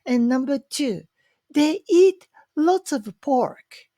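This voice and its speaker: Slow-talking woman with a Japanese accent. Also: high voice, lively intonation, warm tone, no echo, studio quality. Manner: chatty, enthusiastic, many fillers. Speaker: vlogger. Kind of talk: casual talk to camera.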